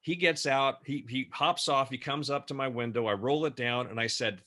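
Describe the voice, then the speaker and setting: A man spins a personal story during an interview, lively and acting out each quoted line. His voice has a bright, clear edge and sits at an ordinary middle pitch. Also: normal speed, hardly any pauses. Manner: lively storyteller who acts out quoted dialogue. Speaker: co-host. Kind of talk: telling a personal anecdote in an interview.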